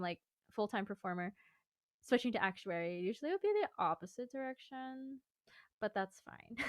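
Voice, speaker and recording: A woman's voice: medium pitch, smooth, dry recording, clean studio sound. A woman vocal coach giving a casual singing lesson, explaining exercises in a chatty, rambling way.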